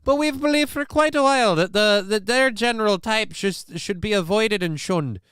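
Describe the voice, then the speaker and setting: A frantic Scottish village man, as a man puts him on, stammering and cursing in a much higher voice than usual. The accent wanders toward Irish. He sounds bright and clear, and the recording is dry and close. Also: moderate pace, no echo. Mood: mock solemn. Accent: put-on Scottish drifting Irish. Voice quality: high, excited, sweary. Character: flustered Scottish village man calling emergency services.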